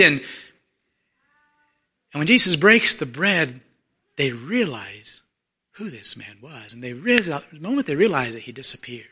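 A male preacher tells a story from the pulpit in a church. His voice sits high and sounds bright and forceful. He acts out the voices of the people in the story, rising loud and then falling almost to a murmur. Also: sing-song, normal speed, pauses often, slightly rough. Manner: storytelling, acting out voices, swings from loud to very soft. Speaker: pastor. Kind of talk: sermon.

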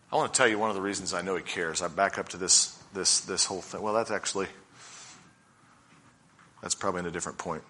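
A middle-aged man preaching a sermon with personal stories, earnest and slowing down to stress key points. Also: fairly low pitch, pushed and bright.

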